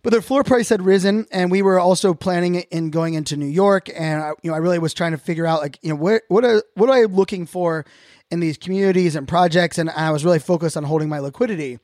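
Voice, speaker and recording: A man with a notably high voice delivers a casual podcast monologue. He speaks earnestly and reflectively, often restarting his sentences as he thinks aloud. The sound is dry and close, with no room echo. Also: quick pace, darkish tone. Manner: earnest, openly reflective, talks in loose restarts. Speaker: podcast host.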